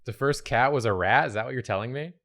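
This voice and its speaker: A man chatting casually while drawing, making absurd jokes in a deadpan way. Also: mid-range voice, quick pace. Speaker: show host and artist.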